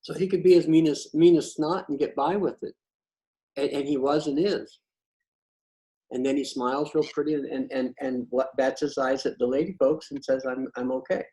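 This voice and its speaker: Man, higher-pitched voice, casual storytelling, blunt, profane, stammering restarts. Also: steady tone, moderate pace, mellow, low-quality recording. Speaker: patio chat host.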